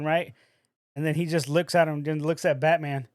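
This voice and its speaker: A man co-hosts a podcast in casual chat, retelling a story with animated energy. He acts out the quotes and drops "bro" into his talk. His voice sits slightly high and the sound is close and dry. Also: moderate pace, pauses often, dry recording. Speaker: podcast co-host.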